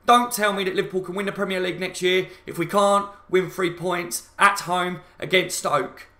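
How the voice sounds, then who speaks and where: A man's voice: sits high, moderate pace, sharp tone. A man hosting a live fan reaction stream, ranting angrily and swearing, talking to his viewers and reading out their comments. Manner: angry, sweary, repetitive ranting; addresses viewers as guys, reads out chat comments. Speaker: football fan channel host. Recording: roomy echoey room.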